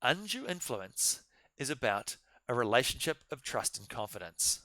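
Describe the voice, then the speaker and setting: A man's voice: medium pitch, big pitch swings, moderate pace, pushed and bright, dry recording. A man giving an informal, live-streamed business law seminar, telling case stories in a chatty way and talking straight to his students. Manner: chatty storytelling, addresses students directly.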